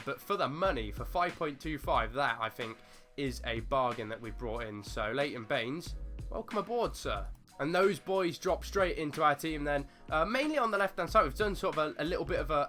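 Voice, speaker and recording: A man gives loose, joking commentary over his game and swears freely along the way. His voice is bright and forceful and sits at an ordinary middle pitch. Faint music plays behind him. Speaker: gaming channel host. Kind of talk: casual let's-play commentary.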